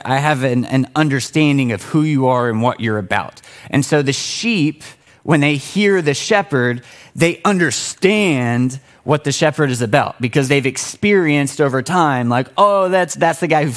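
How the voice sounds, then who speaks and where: Casual, animated male preacher. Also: mid-range voice, measured pace. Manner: casual, animated storytelling with frequent restarts. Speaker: pastor. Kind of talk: sermon.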